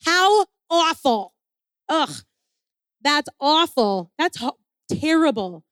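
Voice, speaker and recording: A woman telling a personal story in an animated, self-deprecating way, acting out the people she quotes. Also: sits high, takes it slowly, no room sound, clean studio sound. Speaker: speaker sharing a personal testimony.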